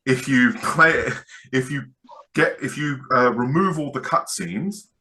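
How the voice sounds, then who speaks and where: A British man chatting casually as a podcast co-host. His voice is bright and forceful. He laughs often and slips into acted game lines. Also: mid-range voice, unhurried, a little hiss or hum. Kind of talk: casual chat.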